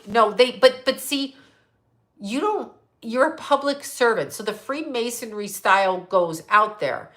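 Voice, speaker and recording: Blunt, swearing middle-aged woman ranting. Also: medium pitch. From Canada. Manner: answers viewer comments. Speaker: psychic livestream host. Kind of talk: livestream monologue.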